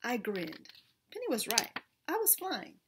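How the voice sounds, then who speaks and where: A woman reading a children's storybook aloud in first person, expressive, with small restarts. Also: fairly high pitch, a little slow, slight background noise.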